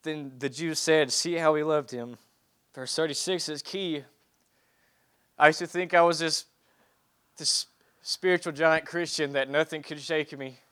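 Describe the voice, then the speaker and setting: A man's voice: on the high side, fairly even intonation, measured pace, long pauses, a bit bright, clean tone. A young man giving a heartfelt sermon, reading scripture aloud and speaking earnestly, often restarting his phrases. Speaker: preacher.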